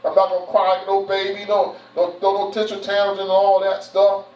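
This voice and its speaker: A man's voice: high voice, completely flat delivery, normal speed, a little mellow. A man speaking as a church elder in an informal, folksy address, repeating himself and saying "you know" and "man" often. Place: church hall. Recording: roomy, distant, dull sound.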